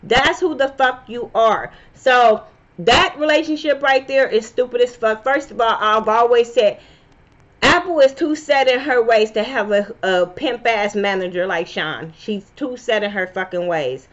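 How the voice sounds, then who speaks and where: A woman's voice: on the high side, moderate pace. Profane, blunt woman ranting. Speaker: reality TV review vlogger. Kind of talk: casual opinion vlog. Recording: slightly dull lo-fi sound.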